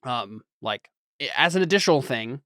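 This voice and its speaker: Game master, male, mid pitch, dry close sound, patient with rules, lots of fillers. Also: lively intonation, moderate pace, fairly bright tone, dry recording. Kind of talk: running a tabletop game.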